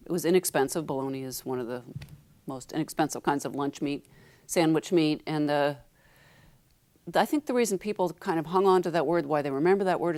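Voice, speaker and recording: Low-voiced middle-aged lady prof, explains stuff slow and careful, some ums. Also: a little mellow. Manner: explanatory, measured, with fillers. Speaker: linguistics professor guest. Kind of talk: casual interview talk.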